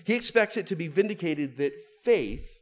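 Animated, emphatic male preacher. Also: a little high, moderate pace. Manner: emphatic, swings between quiet asides and raised, stressed phrases. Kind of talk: sermon.

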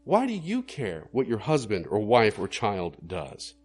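Male pastor, sermon delivery, husky voice, lively swinging pitch, earnest questions. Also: a little slow. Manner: earnest, questioning, rising to emphatic bursts.

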